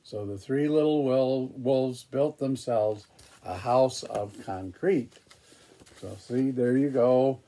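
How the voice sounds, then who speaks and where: A man reading a picture book aloud, pausing for chatty, hesitant asides about the pictures. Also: medium pitch, warm tone. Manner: hesitant, with fillers and restarts. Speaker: storybook reader.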